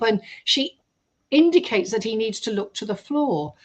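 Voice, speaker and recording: A woman, a guest on a radio show, telling a story in a lively way and acting out the quoted voices. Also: on the high side, normal speed. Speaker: guest researcher. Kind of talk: storytelling in an interview.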